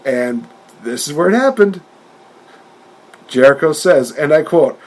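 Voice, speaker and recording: A man's voice: fairly high pitch, lively intonation, measured pace, long pauses. A man co-hosting a podcast in casual chat, retelling events animatedly and often laughing. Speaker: podcast co-host.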